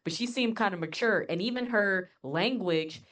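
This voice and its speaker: A woman co-hosting a casual anime reaction chat, blunt and jokey, quick to jump in. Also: mid-range voice, a bit bright. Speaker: co-host.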